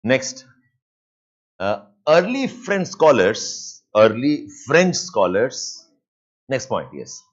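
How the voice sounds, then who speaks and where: A man with an Indian English accent gives a slow, deliberate live lecture, repeating each point so that students can write it down. His pitch moves up and down with emphasis as he drops in Hindi asides, and the audio is dull and lo-fi. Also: very animated. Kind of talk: live online lecture with dictation.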